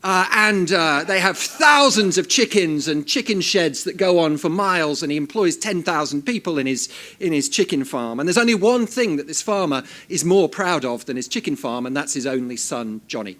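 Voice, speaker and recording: Dry-humored middle-aged man, higher voice. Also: expressive, normal speed, a bit bright. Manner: dry, self-deprecating humor. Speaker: invited speaker. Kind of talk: after-dinner humorous talk. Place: event hall before an audience. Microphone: handheld microphone.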